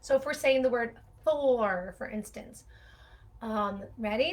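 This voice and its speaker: A woman's voice: a little high, a little slow. A woman speech-language pathologist giving a casual, rambling teaching talk, with fillers and the odd laugh.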